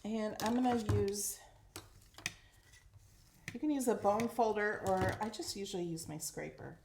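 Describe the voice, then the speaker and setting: A woman hosting a casual craft tutorial, chatty and excitable as she talks through each step while working. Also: mid-range voice, a little slow, gravelly. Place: craft room at home. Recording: echoey room, faint noise.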